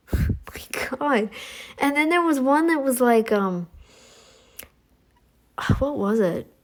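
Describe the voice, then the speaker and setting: A woman's voice: animated, slow. A middle-aged woman hosting a commentary channel, talking in a sassy, scolding monologue aimed at her critics. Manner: sassy, scolding, mocks others in high voices.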